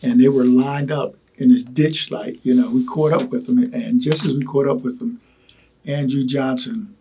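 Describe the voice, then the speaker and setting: An older man recalling his wartime experiences in an oral history interview, talking haltingly with many repeated words and asides. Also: mid-range voice, fairly even intonation, dark tone, slight background noise. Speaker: Vietnam veteran interviewee.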